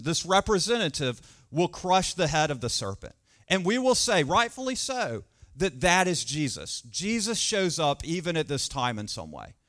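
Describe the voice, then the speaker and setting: Lively high-voiced male preacher. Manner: animated storytelling, emphatic repetition. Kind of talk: sermon.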